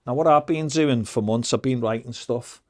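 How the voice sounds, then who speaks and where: A middle-aged man, a podcast guest telling lively, profane anecdotes in casual storytelling. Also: medium pitch, normal speed. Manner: swears freely, lively anecdotes.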